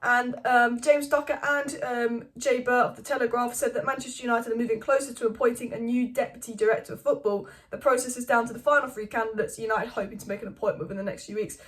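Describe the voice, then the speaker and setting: A young woman hosting a casual football news vlog, giving opinionated, animated takes and firing off rhetorical questions. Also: a little high, fast talker, hardly any pauses. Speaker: football channel host.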